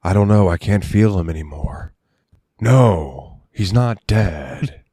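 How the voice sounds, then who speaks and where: A man doing a deadpan impression of a famous male actor, speaking in a flat monotone with no change in tone. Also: deep voice, slow, breathy edge, no echo, studio quality, full character voice.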